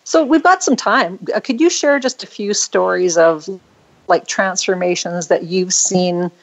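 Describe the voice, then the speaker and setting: A woman's voice: on the low side, unhurried, poor audio. Give me a chatty middle-aged woman interviewer. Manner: chatty and affirming.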